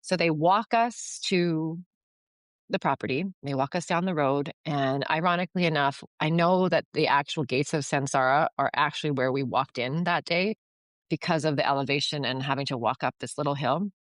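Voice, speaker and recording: This Canadian podcast guest, founder of a yoga retreat, recounts a story at a moderate pace in a low voice with no room sound. She chats casually, uses plenty of fillers, and performs the quoted dialogue.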